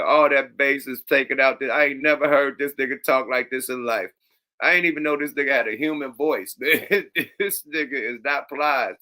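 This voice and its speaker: A man's voice: mid-range voice, bright, forceful tone. A man hosting a casual reaction stream, talking bluntly and profanely and laughing often. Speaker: host reacting to clips.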